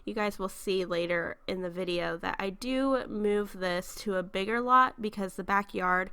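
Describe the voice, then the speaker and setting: A woman's voice: mid-range voice, moderate pace, bright, forceful tone, clear, resonant tone. A young woman talking casually over her game footage, stuffy and congested from a sinus infection and just out of bed, chatty, with frequent ums and small laughs. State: just woken up. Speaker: YouTuber narrating a speed build.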